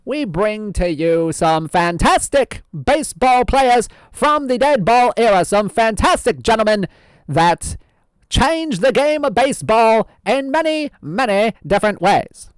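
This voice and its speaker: A man's voice: high voice, animated, clean tone, dry recording. A man hosting as a show host in a put-on old-timey radio announcer voice, theatrical and drawn out. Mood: hammy. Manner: theatrical, drawn-out, laughs at himself. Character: 1920s radio host, hammy and folksy.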